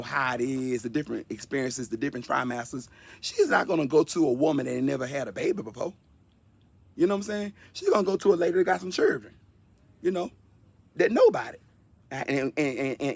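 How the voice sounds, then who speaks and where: A man's voice: on the high side, gravelly, husky. A man in his fifties giving a personal testimony in an earnest, conversational way, often repeating words for emphasis. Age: 50s. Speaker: speaker sharing a personal testimony.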